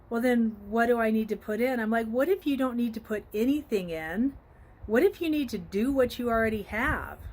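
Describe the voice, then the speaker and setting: A woman life coach talking earnestly outdoors in a casual motivational vlog, with frequent ums, filmed on a phone. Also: on the high side. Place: outdoors by a flowering tree.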